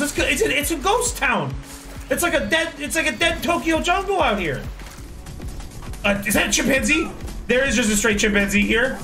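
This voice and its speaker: A man streaming a video game, excitable and swearing, laughing and shouting at what happens on screen. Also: high-pitched, normal speed, distant mic, music in the background. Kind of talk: casual gameplay commentary.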